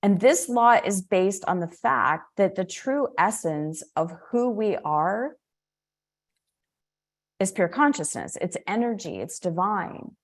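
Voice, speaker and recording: A woman's voice: mid-range voice, lively intonation, slow pace. A middle-aged woman giving a spiritual coaching talk in a conversational way, with asides and self-corrections. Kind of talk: teaching talk on spiritual laws.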